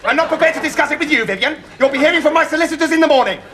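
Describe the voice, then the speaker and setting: A man playing a whiny, shouty, self-righteous young student anarchist in a sitcom. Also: very high-pitched, very fast, background noise. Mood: sneering. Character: shrill pompous young male student anarchist. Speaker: sitcom character. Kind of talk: sitcom acting before a live audience. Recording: loud studio audience laughter.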